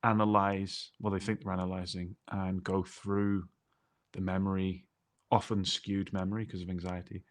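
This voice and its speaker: A man's voice: low voice, level tone, moderate pace. A man co-hosting a podcast, talkative and explaining things step by step. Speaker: podcast co-host.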